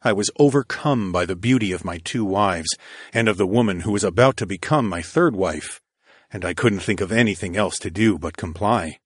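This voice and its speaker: A man reading a romance audiobook in a very deep, husky voice, slow and intimate. The recording is dry and close-miked, with no room sound at all. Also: dry recording. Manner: slow, intimate, steady storytelling. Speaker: audiobook narrator. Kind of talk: first-person erotic audiobook narration.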